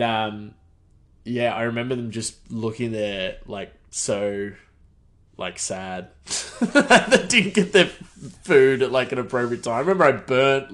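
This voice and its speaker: A man's voice: medium pitch, a bit bright. A man hosting a podcast, telling a casual story in a rambling way full of fillers and restarts. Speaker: podcast host.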